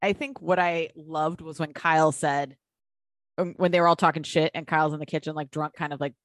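A woman's voice: low voice, steady tone, fairly quick, no echo, studio quality. A woman co-hosting a casual chat about reality TV, blunt and swearing freely. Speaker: podcast co-host.

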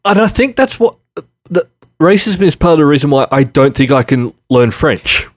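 A man's voice: fairly high pitch, very animated, normal speed. A man with a Western Sydney Australian accent, a podcast co-host arguing his point earnestly in casual chat, often restarting sentences.

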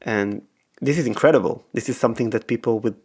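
A man's voice: medium pitch, quick pace, a little mellow, slightly rough. Male host, coach, interview questions, restarts and rephrases, thoughtful. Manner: searching, rephrases mid-sentence.

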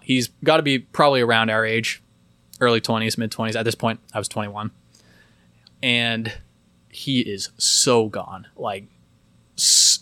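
Brief: twenties male podcast co-host, animated storyteller, mid-pitched, dry close sound. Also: no room sound. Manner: animated, fast storytelling with lots of quoting. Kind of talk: casual storytelling chat.

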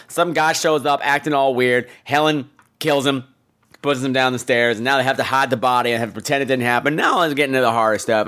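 A man hosting a podcast, giving a campy, profane and animated comedic film review. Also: mid-range voice. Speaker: podcast host.

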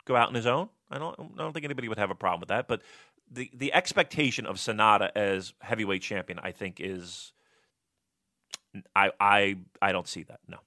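Man, radio sports reporter turned pundit; profane, blunt, animated; bright, tense timbre. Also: lowish voice, fairly quick, no room sound, studio quality. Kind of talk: casual podcast storytelling and opinion.

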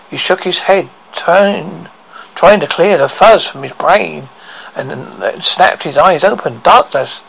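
A man narrating a horror story in a measured, dramatic way. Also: fairly high pitch, gravelly, fairly bright tone, breathy edge, low-quality recording.

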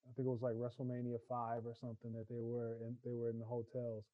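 A man's voice: mid-range voice, monotone, fast talker, no room sound. A man co-hosting a podcast, telling a story in casual chat and laughing as he goes. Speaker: podcast co-host. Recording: muffled, lo-fi sound.

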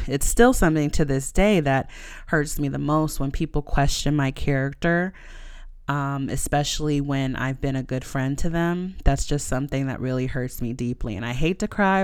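Young woman podcaster, frank, emotional storyteller, smooth voice, dry close sound. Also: rumbling low, moderate pace, darkish tone, dry recording. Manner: emotional, frank, swears casually, many fillers. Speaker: podcast host. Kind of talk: candid personal storytelling.

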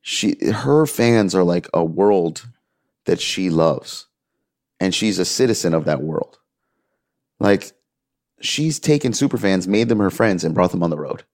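Interview guest: man, very low voice, earnest and animated storyteller, dry close sound. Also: a little slow, no echo. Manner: earnest, animated retelling with quoted dialogue. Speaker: music manager, interview guest.

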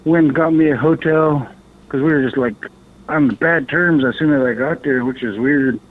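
A man's voice: on the high side, normal speed. A man from Alaska, a podcast guest, telling a rambling story in casual talk, swearing now and then and acting out what others said. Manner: rambling, animated, swears, acts out others' lines. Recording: tinny phone-like line.

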